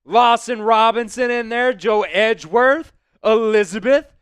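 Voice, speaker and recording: A man hosting a live stream, chatting with viewers and shouting excited play-by-play football calls. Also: very high voice, measured pace, clean tone, dry recording.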